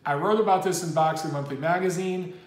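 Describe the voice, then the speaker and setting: A man's voice: on the high side, fairly quick, reverberant. A man hosting a casual livestream, chatty and rambling as he reads viewer messages aloud. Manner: chatty, rambling, says dude a lot. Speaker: boxing livestream host. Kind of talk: casual livestream chat reading super chats.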